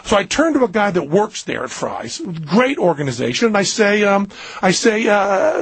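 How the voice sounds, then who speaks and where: Male talk radio host, storyteller, high-pitched for a man, rough breathy texture. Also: normal speed, dry recording. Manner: animated storyteller, jumps into a high squeaky voice for his own lines.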